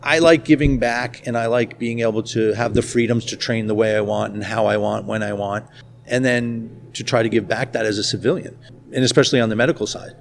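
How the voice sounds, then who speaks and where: Gravelly man telling gun-range stories. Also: lowish voice, fairly even intonation, fairly quick. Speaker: interview guest, firearms instructor and school nurse. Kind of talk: casual interview chat. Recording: faint background noise at a conference.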